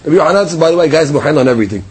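Male Talmud teacher, husky, lively delivery, slightly high voice. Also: very fast. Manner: lively, conversational, switching between texts and plain explanation. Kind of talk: daily Talmud class.

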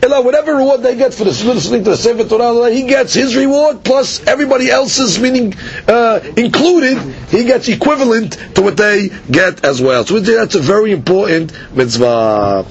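A man's voice: lively intonation, a little fast. A man teaching a daily Talmud class in a Sephardic Hebrew style, explaining Aramaic phrases line by line with frequent fillers and repeats. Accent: Sephardic Hebrew pronunciation. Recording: dull lo-fi podcast audio with faint rumble.

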